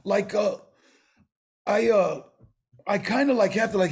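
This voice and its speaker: A man, a guest on an interview show, telling stories in a rambling, animated way with streetwise slang. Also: high-pitched, moderate pace, gravelly, husky. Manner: rambling, animated storyteller with many restarts. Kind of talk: casual storytelling in an interview.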